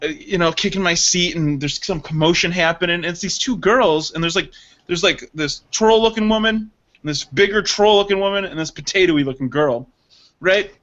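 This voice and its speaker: A man hosting a casual podcast chat, telling an animated story full of laughter and acted-out quotes. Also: sits high, normal speed. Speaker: podcast host. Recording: dull lo-fi sound.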